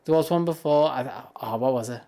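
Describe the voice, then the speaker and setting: A man's voice: mid-range voice, brisk, dark tone. Rambling British man streaming a game. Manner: rambling, self-amused, laughs often. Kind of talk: casual chat while gaming. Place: home streaming setup.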